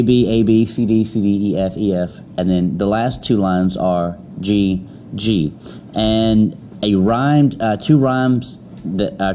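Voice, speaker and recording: A man's voice: on the low side, dark tone, slight background noise. A young man teaching a classroom lecture, rambling with many fillers and restarts.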